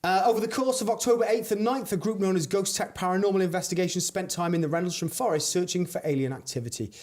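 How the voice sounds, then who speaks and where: A man's voice: high voice, fast, a little mellow. A young adult man hosting a comedic podcast, reading strange news stories with mock-dramatic delivery. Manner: dramatic storytelling reads, playful banter. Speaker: podcast host.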